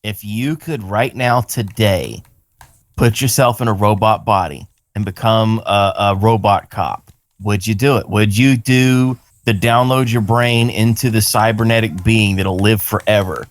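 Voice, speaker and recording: A man with a somewhat low voice hosts a casual podcast chat. He rambles and curses freely, throwing in mocking quoted lines. The sound is close and dry with no room around it. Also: fairly even intonation, measured pace, no echo. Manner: rambling, profane, riffs with mock voice quotes. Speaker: podcast host.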